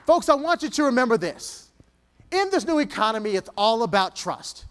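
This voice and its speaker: A man's voice: very high voice, sing-song, normal speed, fairly bright tone, clear, resonant tone. A man giving an interactive keynote talk on stage before an audience, energetically coaching a volunteer. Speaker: keynote speaker.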